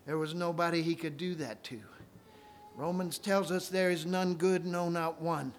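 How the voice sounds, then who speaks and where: A man preaching a sermon, retelling scripture stories and swinging from quiet asides to loud, ringing proclamations. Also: a little high, fairly even intonation, moderate pace, a little hiss or hum.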